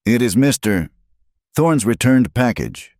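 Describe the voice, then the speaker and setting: A man's voice: medium pitch, big pitch swings, measured pace, darkish tone, dry recording, clean studio sound, pitched above the performer's own voice. A man voicing a burly, sneering drunk ranch hand in a spoken western story. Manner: sneering, growling.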